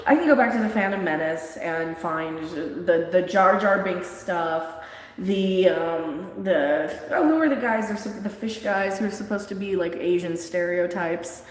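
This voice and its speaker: A woman's voice: fairly low pitch, lively intonation, unhurried. Woman, livestream host, rambling blunt chat, frequent laughter, very echoey room with long reverb.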